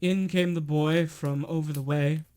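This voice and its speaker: Male reader, slightly high voice; expressive storybook narration with small self-corrections. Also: measured pace. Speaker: streamer reading aloud. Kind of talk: storybook reading aloud.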